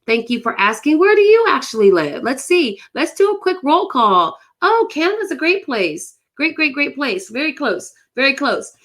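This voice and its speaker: A woman's voice: fairly high pitch, a bit bright. Emphatic woman motivational host. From United States. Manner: emphatic, repeats phrases, talks to viewers. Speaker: host of a live motivational show. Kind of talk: live-stream motivational talk.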